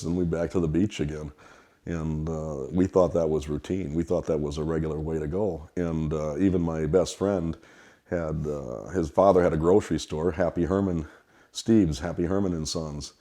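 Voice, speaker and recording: A middle-aged man from Wisconsin, telling rambling stories about his childhood at the family restaurant. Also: a bass voice. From Wisconsin, USA. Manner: relaxed, rambling anecdotes. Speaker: restaurant kitchen worker. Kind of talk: storytelling interview.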